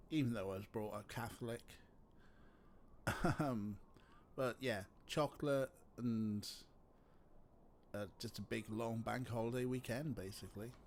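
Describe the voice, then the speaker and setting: Guy rambling slowly over a game stream, faint noise. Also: medium pitch. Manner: rambling, chatty, joking. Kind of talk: casual gameplay commentary.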